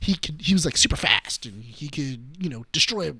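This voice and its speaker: A young man with a fairly high, bright voice rambles loosely through a movie's plot. He leans on "like" and restarts a lot. The sound is dry and close, with no room around it. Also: animated, moderate pace, slightly rough, no room sound. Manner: rambling, loose, lots of "like" and restarts, retells scenes. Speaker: podcast co-host. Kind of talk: casual movie review chat.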